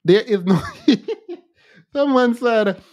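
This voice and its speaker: A man's voice: extremely high pitch, slow, a little mellow. A man hosting a reaction commentary, sarcastic and mocking. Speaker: commentary channel host.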